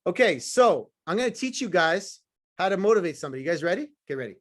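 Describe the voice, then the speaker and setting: A man with a notably high-pitched voice delivers a live motivational talk to a sales team. He is blunt and profane, teases his listeners, and hammers his points home in short, repeated phrases. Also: very animated, fast, fairly bright tone. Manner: blunt, profane, fired-up, teasing the audience; repetitive punchy phrasing. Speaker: motivational speaker.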